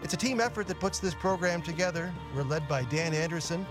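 Friendly radio co-host guy, kinda higher voice, soft music under him. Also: a little fast. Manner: friendly, conversational, with filler uhs. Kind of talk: casual radio chat and announcements.

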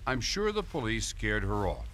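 Calm caring adult, bright lively voice, faint hiss, radio drama. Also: female voice, extremely low pitch, moderate pace, heavily acted.

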